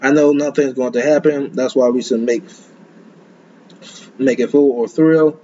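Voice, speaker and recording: A man's voice: mid-range voice, fairly even intonation, measured pace, mellow, a little hiss or hum. A young man giving casual reaction commentary, rambling with slangy talk and stammering restarts. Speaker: anime reaction host. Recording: dull lo-fi sound with faint room ambience.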